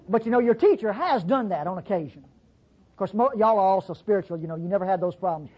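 A Bible teacher giving a folksy, conversational sermon-style lesson, acting out quotes with sudden pitch jumps. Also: lively intonation, fast talker, breathy edge, lo-fi sound.

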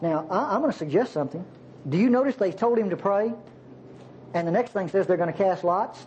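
A man's voice: high voice, a little mellow, a little hiss or hum. A man preaching a sermon, teaching the Bible in a folksy, chuckling way. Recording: dull lo-fi sermon recording.

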